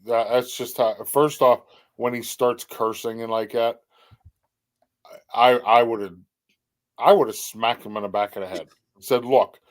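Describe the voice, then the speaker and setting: A man's voice: medium pitch, fairly even intonation, unhurried. A middle-aged man hosts a casual livestream. He greets viewers by name in a friendly way and gives his opinions bluntly. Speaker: livestream host. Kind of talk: casual chat.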